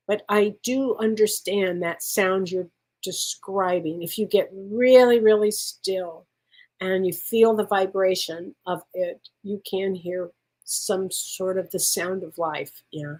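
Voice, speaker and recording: A woman working as a spiritual medium, answering viewer questions on a live stream in an effusive way and calling people honey. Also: medium pitch. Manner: warm, effusive, laughs often, calls people honey.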